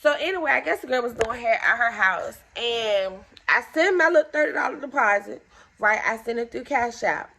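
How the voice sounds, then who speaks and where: Woman, young adult, casual storytelling vlog, indignant, animated, high-ish voice. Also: moderate pace, vocal fry. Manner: animated, acts out both sides of conversations; indignant, exasperated. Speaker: vlogger telling a story time.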